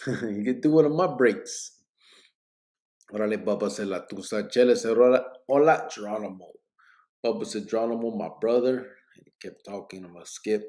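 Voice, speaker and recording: A middle-aged man with a slightly low voice hosts a late-night live stream. He reads viewer comments aloud in a relaxed, joking way, mixing in Spanish slang. He sounds sleepy and keeps yawning. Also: moderate pace. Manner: laid-back, joking, drops Spanish slang. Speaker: livestream podcast host.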